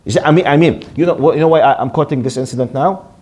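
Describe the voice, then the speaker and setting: A man's voice: a little high, racing, a little mellow. A man teaching a religious lesson, emphatic and full of rhetorical questions, often repeating his words. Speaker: Islamic teacher. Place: lecture in Canada.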